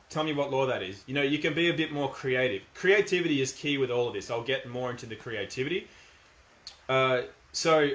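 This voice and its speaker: A man's voice: on the high side, fairly bright tone. Emphatic Australian man in an echoey room. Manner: emphatic, firm, conversational. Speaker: commentator. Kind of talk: casual monologue to camera.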